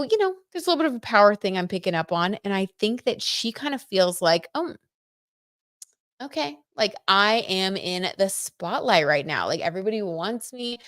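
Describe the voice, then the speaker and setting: A woman's voice: medium pitch, dry recording, studio quality. A woman hosting a tarot livestream, chatty and giggly, talking straight to her viewers. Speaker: tarot reader, livestream host. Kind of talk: casual livestream chat, tarot reading.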